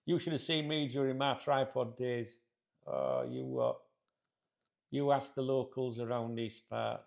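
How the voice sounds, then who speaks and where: A man's voice: mid-range voice, fairly even intonation, moderate pace, vocal fry. A middle-aged man, hosting a football channel and grumbling to camera in a rambling, sweary, casual rant. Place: sat in a chair indoors.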